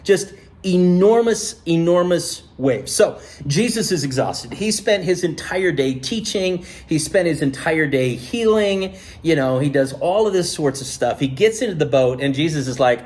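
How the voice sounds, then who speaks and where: A male pastor preaching a sermon with animated, conversational storytelling. His voice sits a touch higher than most men's. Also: unhurried.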